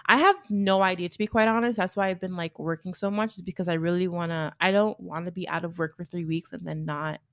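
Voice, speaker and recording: A young woman co-hosts a casual podcast on a close, dry mic, with a slightly low voice. She tells stories animatedly and acts out the people she quotes. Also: steady tone, fast talker, few pauses, no room sound. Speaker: podcast co-host. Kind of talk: casual chat.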